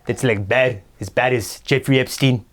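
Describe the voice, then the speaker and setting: A man's voice: medium pitch, steady tone, moderate pace, close to an everyday voice. A man playing a boastful, self-pitying guy who rambles indignant complaints in an improvised comedy sketch.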